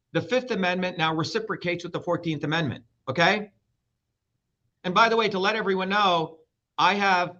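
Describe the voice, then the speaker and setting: A man's voice: high-pitched, sharp tone. A middle-aged man speaking as an interview guest, blunt, combative and heavily profane. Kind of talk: heated interview talk. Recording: dull lo-fi sound.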